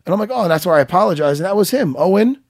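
Animated, excitable man telling stories. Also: high-pitched, very fast. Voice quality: excitable, swearing, animated storyteller. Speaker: radio show co-host. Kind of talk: casual chat.

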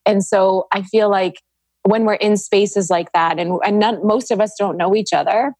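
A woman's voice: mid-range voice, steady tone, moderate pace, darkish tone, dry recording. A woman guest on a podcast, talking earnestly and reflectively about energy and feeling safe. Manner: earnest, reflective, spiritual wording. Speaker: podcast guest, Reiki practitioner. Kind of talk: casual podcast conversation.

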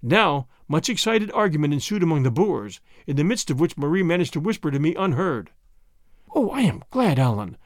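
A man reading a novel aloud as scripted narration, expressive and lightly voicing each character. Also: a little high, fairly quick, few pauses, dry recording, clean studio sound. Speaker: audiobook reader.

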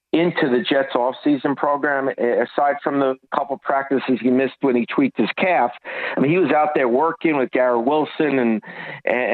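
A man calling in as a football analyst and giving a measured breakdown. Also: medium pitch, no echo. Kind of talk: sports talk radio. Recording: tinny phone line.

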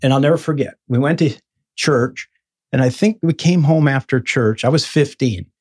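Husky man telling his life story. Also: normal speed. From Michigan. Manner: animated, acts out quoted voices with sudden high bursts. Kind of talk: casual interview storytelling.

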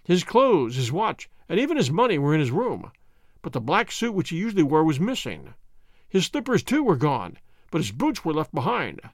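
A man narrating a classic detective story in the first person, with lively, expressive delivery. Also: fairly high pitch, moderate pace, no room sound, studio quality.

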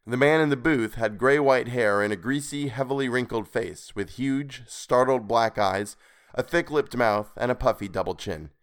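A man narrating a weird tale in a measured, expressive reading. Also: medium pitch, smooth. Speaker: podcast reader. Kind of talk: scripted story narration.

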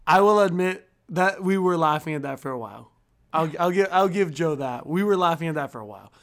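High-voiced man joking on a podcast. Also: animated, brisk, fairly bright tone. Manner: joking, eggs others on. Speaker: podcast co-host. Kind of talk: casual podcast banter.

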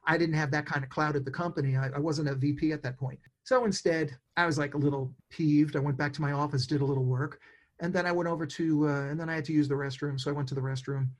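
Animated storytelling man in his sixties. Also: fairly high pitch. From New York, USA. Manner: animated, acts out his own thoughts in quick asides. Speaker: interview guest, songwriter and producer. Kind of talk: conversational storytelling.

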